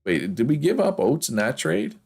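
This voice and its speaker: A man's voice: fairly high pitch, big pitch swings, moderate pace, gravelly, darkish tone. A man from Prince Edward Island with a strong Canadian East Coast accent, chatting casually and rambling with frequent laughs while playing a game. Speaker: gaming streamer.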